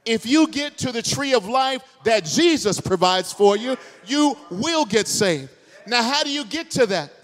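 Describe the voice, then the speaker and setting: Male pastor with a very high voice, impassioned sermon, shouted peaks, long reverb of a church hall. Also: expressive. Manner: impassioned, builds to shouting, rapid rhetorical questions. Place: church sanctuary, live congregation.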